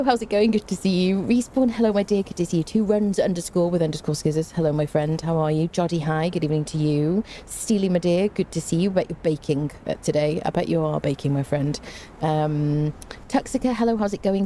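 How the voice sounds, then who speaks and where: A woman's voice: on the low side, dark tone, a little hiss or hum. A woman streaming a game, chatting casually with viewers, greeting them by name and cracking self-mocking dad jokes. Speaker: game streamer reading chat. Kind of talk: casual live-stream chat.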